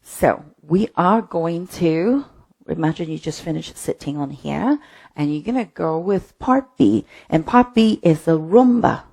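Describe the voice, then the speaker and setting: A woman's voice: fairly low pitch, animated, a little slow, creaky, dark tone. A woman leading a live-streamed line dance class from home, chatting with viewers and calling out step counts. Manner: chatty, counts steps aloud.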